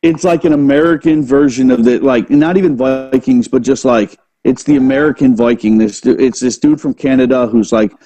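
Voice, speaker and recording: Chill host guy, warm dark voice, dude this dude that. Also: mid-range voice, moderate pace, few pauses, poor audio. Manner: laid-back, peppers talk with "dude" and "man". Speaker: podcast host. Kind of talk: casual chat.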